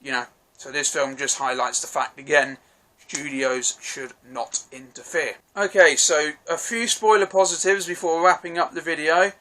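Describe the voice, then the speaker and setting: A man's voice: a little high, steady tone, normal speed, few pauses, pushed and bright. A man giving a casual, rambling film review, swearing freely and restarting his sentences.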